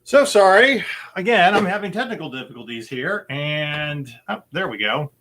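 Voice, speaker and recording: A man's voice: on the high side, very animated, normal speed, pushed and bright. A man hosting a casual movie-quote game show, easygoing and rambling, with lots of fillers and chuckles. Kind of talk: casual chat.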